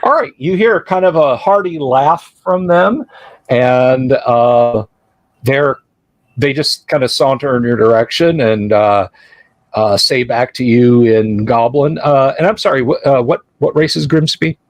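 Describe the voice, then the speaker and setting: A game master narrates a tabletop session at a steady, halting pace. His mid-pitched voice is heard in a dry, close recording. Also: no echo, rough recording. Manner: unhurried, halting scene description.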